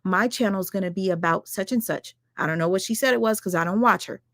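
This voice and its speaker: A woman ranting on her livestream, firing rhetorical questions at her viewers, swearing often and talking fast and emphatically. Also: mid-range voice, a bit bright, no echo, clean studio sound. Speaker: livestream commentator. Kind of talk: heated livestream rant.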